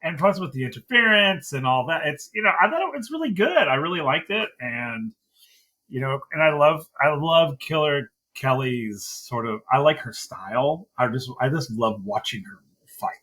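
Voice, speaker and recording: Bright, husky man gushing. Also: fairly high pitch, animated, moderate pace. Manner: gushing, repeats himself. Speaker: podcast co-host. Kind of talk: casual wrestling review chat.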